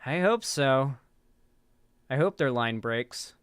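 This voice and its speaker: Male streamer from Florida, casual and rambling, clear smooth voice, close dry mic. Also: medium pitch, lively intonation, slow pace, dry recording. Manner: rambling, full of "like" and restarts, talks to chat. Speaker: livestream political commentator. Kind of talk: casual livestream commentary.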